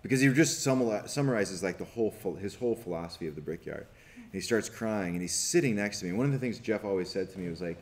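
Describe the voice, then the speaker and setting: On a festival panel, a documentary filmmaker relates a story with lots of animation, voicing the quotes himself and frequently starting over. He is a man with a deep voice who talks a little fast.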